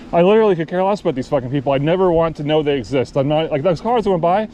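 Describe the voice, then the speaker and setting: A man's voice: fairly high pitch, animated, very fast, hardly any pauses, dark tone, muffled recording. A man casually telling a road story in a rambling, profane, amused way, recorded outdoors by a road. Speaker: cycling vlogger. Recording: clear outdoor traffic noise.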